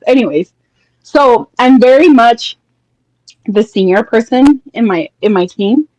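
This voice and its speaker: A woman's voice: on the high side, unhurried, dry recording, muffled recording. A woman calling in to a podcast, animatedly telling a workplace story and acting out coworkers' lines. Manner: animated, quotes people with mock voices. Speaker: caller. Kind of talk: casual storytelling.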